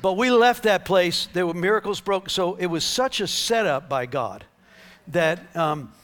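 A man's voice: sits high, a little slow, slight background noise. A man preaching a sermon, telling a healing story with acted-out dialogue and laughter. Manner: animated, acts out dialogue, laughs.

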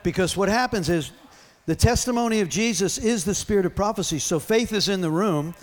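A man's voice: sits high, fairly quick. A man preaching a sermon, telling a healing story with acted-out dialogue and laughter. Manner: animated, acts out dialogue, laughs.

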